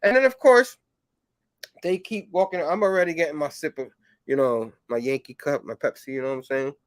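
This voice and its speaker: Guy chatting about comics, kinda high voice, dry close sound, lots of "you know what i mean". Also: a little fast, no room sound. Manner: rambling, filler-heavy, animated when acting out quotes. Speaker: comic book show host. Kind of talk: casual comic review chat.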